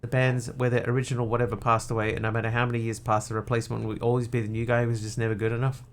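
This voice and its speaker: Man, gravelly voice, game streamer, casual chat, muttered counting, faint background hiss. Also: medium pitch, flat delivery, rapid-fire. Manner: thinks aloud, counts under his breath, chats with viewers.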